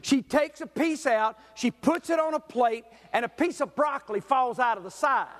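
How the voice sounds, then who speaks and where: A middle-aged pastor preaches, telling folksy stories and swinging from loud bursts to hushed asides. His voice sits high for a man. It rings out with a long reverb, as in a large church hall. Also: moderate pace, slight background noise. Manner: folksy, animated storyteller who swings from loud to quiet. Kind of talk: sermon with storytelling.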